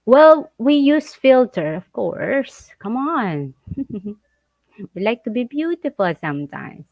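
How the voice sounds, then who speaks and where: A woman chatting casually as a vlog co-host, animated and laughing as she reads viewer comments and acts out quoted voices. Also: a little high, slow, no room sound, dull audio.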